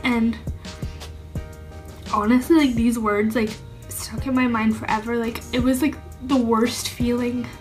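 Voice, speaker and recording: A young woman with a slightly high voice shares a personal coming-out story straight to camera. She talks casually, full of "like", and her voice turns tearful at times. Soft music plays faintly behind her. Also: steady tone, a little slow, long pauses. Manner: heavy use of "like", emotional and tearful at times. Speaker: vlogger.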